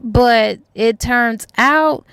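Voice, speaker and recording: Chatty woman with a higher voice. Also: drawn-out words, fairly bright tone, smooth, no echo. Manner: chatty, colloquial, acts out characters' lines. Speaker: book reviewer. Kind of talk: casual plot retelling.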